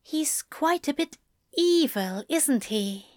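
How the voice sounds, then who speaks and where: A woman voicing a calm, firm male angel. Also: sits high, dry recording, clean studio sound, voice pushed up. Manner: pointed, measured.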